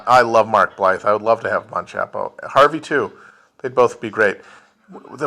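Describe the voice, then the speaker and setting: A man's voice: on the low side, bright, forceful tone. A man hosting a casual livestream chat, answering viewer questions in a blunt, profane, joking way. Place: indoors at home, streaming. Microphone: phone livestream.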